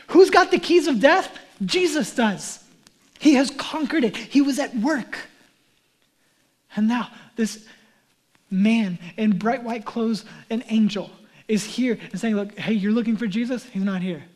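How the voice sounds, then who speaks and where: Animated high-voiced male pastor. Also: unhurried. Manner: animated, acts out quotes, drops to near whispers. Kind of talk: Easter sermon.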